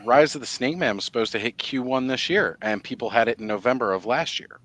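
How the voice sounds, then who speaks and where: A man hosting a live stream, chatting casually and explaining at length in a relaxed, rambling way. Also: medium pitch, a little fast, no room sound. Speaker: livestream host. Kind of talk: casual chat.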